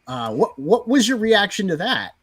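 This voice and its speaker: A man's voice: sits high, sing-song, normal speed, fairly bright tone, slightly rough, no room sound. A man co-hosting a livestream, interviewing a guest in a joking way with lots of "uh" and "you know". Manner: playful, full of "uh" and "you know". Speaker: livestream co-host.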